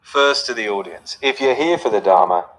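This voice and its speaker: A male text-to-speech voice sits low in pitch. It speaks in a measured, lecturing way, sentence by sentence. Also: a bit bright. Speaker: AI assistant giving advice. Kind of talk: steady advisory speech.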